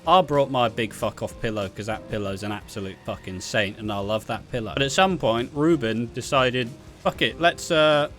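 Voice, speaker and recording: A man's voice: fairly low pitch, normal speed, hardly any pauses. Young man, casual storytime, swearing often, laughing asides, faint music behind. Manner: profane, animated, laughing asides. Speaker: vlogger.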